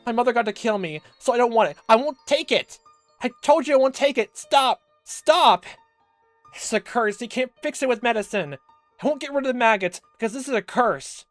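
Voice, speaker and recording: A guilt-ridden girl spirals into hysterical delusion, pleading shrilly and frantically, as a player reading a visual novel aloud puts her on. Her voice is pushed high above the reader's usual voice and comes out loud and strained, with faint game music underneath. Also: expressive, moderate pace, no echo, lightly acted.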